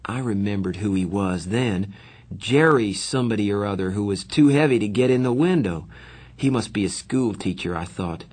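A man narrating a first-person story in measured, plain storytelling. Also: lowish voice, darkish tone. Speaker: audiobook narrator.

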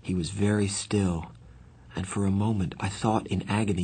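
A man narrating a first-person novel in a low, husky voice. His delivery is steady and earnest, keeping the story moving. It is straight audiobook reading. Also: normal speed.

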